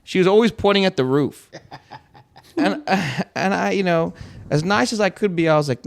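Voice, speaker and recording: In a high-pitched, gravelly voice at a moderate pace, a young podcast host relates a casual story. He's animated and profane throughout, acting out the quoted lines.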